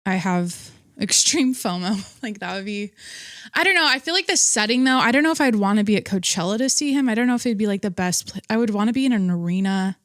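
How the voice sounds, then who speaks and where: A woman's voice: medium pitch, expressive, fast talker, a bit bright, no echo, clean studio sound. A young woman hosting her own podcast, chatting casually on her own, rambling and breaking off her sentences, often laughing between thoughts. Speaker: podcast host. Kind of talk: casual solo podcast chat.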